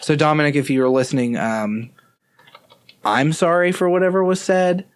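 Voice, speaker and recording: Dry, teasing podcast co-host. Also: male voice, on the high side, moderate pace, clear, resonant tone. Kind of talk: casual chat.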